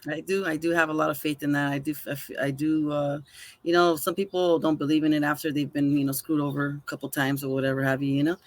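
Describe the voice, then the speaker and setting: A man's voice: fairly high pitch, little pitch movement, fast, dry recording. A man co-hosting a podcast in casual chat, chatty and laughing often. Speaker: podcast co-host.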